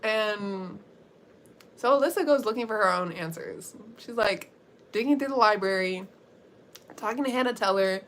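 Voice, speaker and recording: A woman's voice: medium pitch, normal speed, long pauses, fairly bright tone. A young woman livestreamer recapping a story in a chatty, slangy way, laughing often as she goes.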